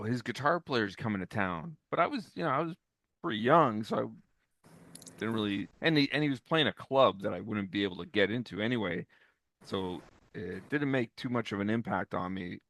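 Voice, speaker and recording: A man's voice: on the low side, lively intonation, moderate pace, a bit bright, no echo. A man in his fifties from Canada, an author answering interview questions with careful, detailed memories and some hesitation.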